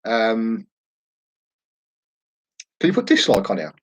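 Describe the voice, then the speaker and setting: A man's voice: fairly low pitch, wildly swooping pitch, takes it slowly, a little hiss or hum, poor audio. Chatty man hosting a quiz. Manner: chatty, jokey, rambling asides. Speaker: quiz host. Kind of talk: casual live-stream chat.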